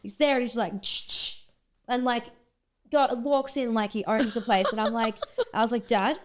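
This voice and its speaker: An Australian woman hosts a podcast, chatting casually. She tells stories in an animated way and laughs often. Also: fairly high pitch, normal speed, slight background noise. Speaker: podcast host. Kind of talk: casual chat.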